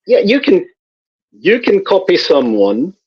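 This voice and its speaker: A man guest in a casual conversation, talking in a measured, thoughtful way and repeating words as he searches for them. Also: sits high, wildly swooping pitch, husky, no room sound, lo-fi sound. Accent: noted accent, admired by host.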